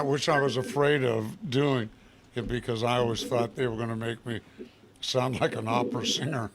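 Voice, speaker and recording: An older man, a guest singer, chatting in a relaxed, halting way with many pauses and restarts. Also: medium pitch. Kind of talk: relaxed studio chat.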